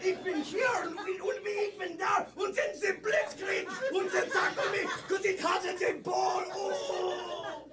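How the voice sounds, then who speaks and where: A man's voice: extremely high pitch, steady tone, unhurried, over a noisy crowd. A man putting on a moaning German football player. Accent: mock German. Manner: moaning and groaning. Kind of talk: improv comedy scene. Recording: distant stage mic, loud audience.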